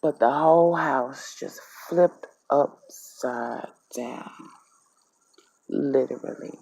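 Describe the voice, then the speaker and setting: A Southern woman from Mississippi spins a dream story in loose, animated dialect. Her voice sits low with a gravelly fry. The sound is close and dry, with no room around it. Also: slow, no room sound. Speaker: spiritual vlogger. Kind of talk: casual storytelling.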